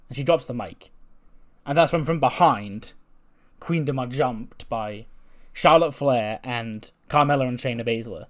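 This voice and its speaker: A man casually recapping a wrestling show in a loose, chatty way. He laughs now and then and fills gaps with "sort of" and "like". His voice sits at a middle pitch. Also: measured pace, a bit bright.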